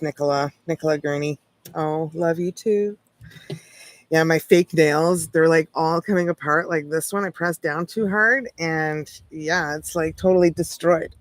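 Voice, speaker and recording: A woman's voice: sits low, dry recording. Chatty Canadian woman, dry close voice. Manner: chatty, rambling, peppered with "like" and light laughs. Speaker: tarot reader hosting a livestream. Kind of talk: casual livestream chat.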